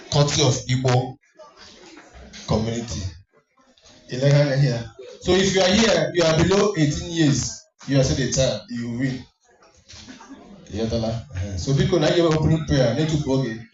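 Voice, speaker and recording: Here a comedian emceeing a community party banters with the audience, teasing them playfully as laughter keeps breaking out. His voice is medium in pitch with a somewhat dark tone, picked up by a far-off mic in an echoey hall that sounds dull, with music playing.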